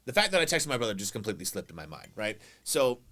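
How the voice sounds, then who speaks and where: A man's voice: fairly low pitch, sing-song, fast talker, background noise. A man co-hosting a podcast, telling a story in casual chat, acting out quotes and swearing freely. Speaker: podcast co-host.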